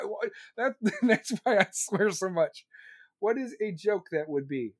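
A man hosting a podcast, ranting angrily about politics with constant swearing and shouted questions. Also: high-pitched, lively intonation, unhurried, no room sound, clean studio sound. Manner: profane, furious, shouting questions. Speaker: podcast host. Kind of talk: angry political rant.

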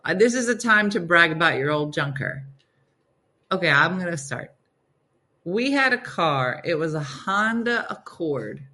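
A woman hosting a morning radio show, chatting casually and reading listener replies aloud in quick lists. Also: on the low side, lively intonation, sharp tone. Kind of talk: casual chat.

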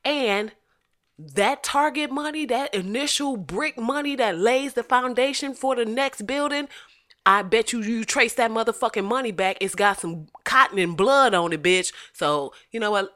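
A woman speaking in a profane, comedic rant, jumping from shouting to low asides. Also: moderate pace.

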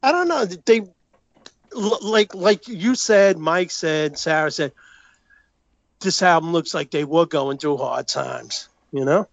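A man's voice: fairly high pitch, slow pace, gravelly, no room sound, dull audio. A man with a New York accent, rambling through a story as a podcast guest, repeating himself and laughing as he goes. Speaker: guest, longtime fan. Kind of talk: casual chat, storytelling.

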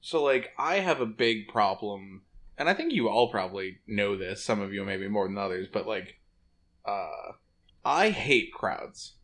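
A man's voice: lowish voice, animated, measured pace, fairly bright tone. A man co-hosting a comedy podcast, talking in a rambling, self-deprecating way and laughing often. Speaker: podcast co-host. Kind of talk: casual comedy chat.

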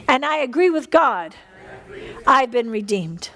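With a high, fairly bright voice, a woman leads a sermon with prayer at a church service, very animated but keeping a measured pace. She preaches and prays fervently to the congregation, repeating phrases and breathing out between lines.

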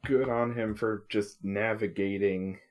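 A man's voice: fairly low pitch, fairly even intonation, measured pace. A man co-hosting a casual movie podcast, chatting in a wry, joking way with loose asides. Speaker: podcast co-host.

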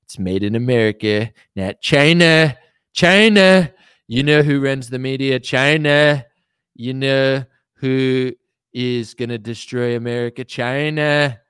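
A man's voice: fairly low pitch, flat delivery, moderate pace, clean tone, dry recording, clean studio sound, close to an everyday voice. A man doing a comic impression of a boastful, rambling male president who brags about his hair. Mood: ranting.

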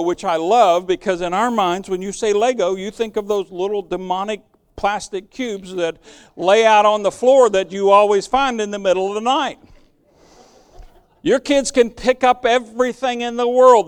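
A man's voice: high voice, clean tone. An older man preaching a sermon, earnest and conversational, with folksy asides. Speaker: pastor.

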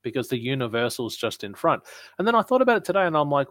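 A man's voice: medium pitch, sing-song, quick pace, fairly bright tone, dry recording. Dry-sounding analytical man. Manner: analytical, explains at length. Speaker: podcast co-host. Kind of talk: casual wrestling chat.

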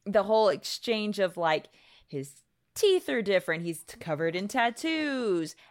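A woman's voice: mid-range voice, very animated, measured pace. A woman co-hosting a casual podcast discussion who argues her point firmly, with frequent restarts. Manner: firm, argumentative, many restarts. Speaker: podcast co-host.

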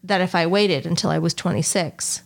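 Creaky-voiced woman telling a story. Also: lowish voice, normal speed. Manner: rambling, filler-heavy, swears freely. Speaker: podcast co-host. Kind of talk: casual chat, storytelling.

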